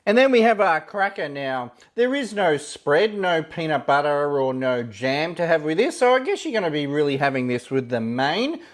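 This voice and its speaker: A man samples ration food and comments casually and calmly, his voice a little high. He often begins with "yeah, look," thinks aloud as he tastes, and pauses on fillers.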